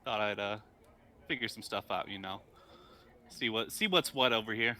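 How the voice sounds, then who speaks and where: A man playing a tabletop game, laid-back and halting, often laughing. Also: on the low side, bright, forceful tone. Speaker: player. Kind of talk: casual tabletop play, in character.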